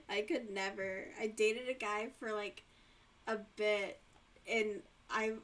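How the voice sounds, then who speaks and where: A woman's voice: mid-range voice, steady tone, slow, pauses often, a bit bright. A woman hosting a livestream and chatting casually while she crochets, laughing often and swearing freely. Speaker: livestream host.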